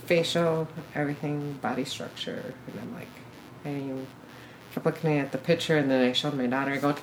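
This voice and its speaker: Low-voiced blunt middle-aged woman. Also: moderate pace, slight background noise, poor audio. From born in Korea, raised in Minnesota. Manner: candid, blunt, swears, laughs at herself. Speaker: podcast guest. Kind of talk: casual storytelling interview.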